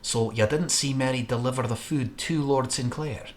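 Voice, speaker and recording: A man's voice: mid-range voice, moderate pace. A man playing a detective game, reading his character's questions aloud and making joking, irreverent asides. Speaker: game player voicing characters. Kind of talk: let's-play narration with voiced dialogue.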